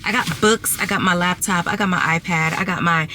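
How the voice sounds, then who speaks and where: Talking a little fast in a lowish, steady voice over background noise, this young adult woman vlogs a casual story. Six months pregnant, she sounds chatty and exasperated, calling her viewers "y'all."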